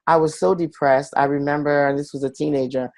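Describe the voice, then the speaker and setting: A man's voice: fairly high pitch, fairly even intonation, a little fast, darkish tone, no room sound. Earnest man telling his story, dry sound. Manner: earnest, confessional, acts out quoted voices. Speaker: guest. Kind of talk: personal storytelling in an interview.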